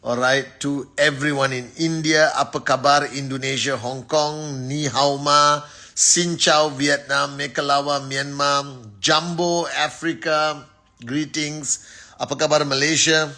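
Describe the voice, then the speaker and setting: A man's voice: on the high side, steady tone, a little slow, sharp tone. A man hosting a casual phone live stream, upbeat as he rattles off names and greetings to his followers. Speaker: network marketing leader hosting a live stream. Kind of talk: casual Instagram live shout-outs.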